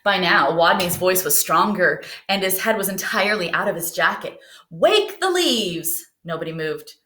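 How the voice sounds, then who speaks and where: A woman teacher reading a picture book aloud to her students, gently asking them questions along the way. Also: lowish voice, fairly even intonation, moderate pace. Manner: gentle, asks children questions. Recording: roomy echo.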